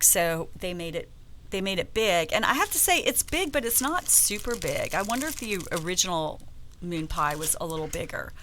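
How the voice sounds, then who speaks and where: A woman from the American South hosting a casual radio talk show, telling stories with animated, playful asides. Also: mid-range voice, normal speed, slight background noise. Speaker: host. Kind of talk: casual radio chat, storytelling.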